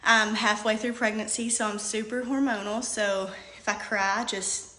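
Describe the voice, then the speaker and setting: A woman's voice: mid-range voice, steady tone, moderate pace, pushed and bright, reverberant. A woman, talking nervously and rambling on a live video, holding back tears. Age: late 20s. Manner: nervous, rambling, says um often. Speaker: hairstylist and product seller.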